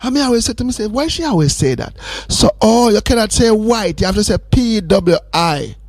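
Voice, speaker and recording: A man's voice: high voice, brisk, no room sound. A man hosting a radio call-in show, joking and teasing his caller in a playful, sing-song way. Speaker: radio host. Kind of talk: casual call-in chat.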